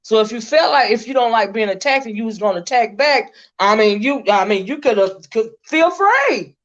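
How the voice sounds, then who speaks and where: A woman's voice: fairly high pitch, fairly quick. A woman hosting a casual panel chat, sassy and teasing, laughing often. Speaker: channel host. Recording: dull lo-fi stream audio.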